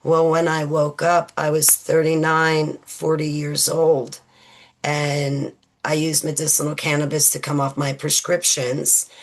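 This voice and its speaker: As an interview guest, a woman in her forties recalls her past in a low-pitched, completely flat delivery. Her speech halts frequently, full of fillers and false starts.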